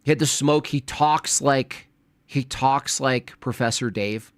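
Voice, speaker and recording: A man's voice: mid-range voice, takes it slowly, dry recording. A man hosting a live stream, reacting to a debate clip in casual chat with a mocking, sarcastic manner.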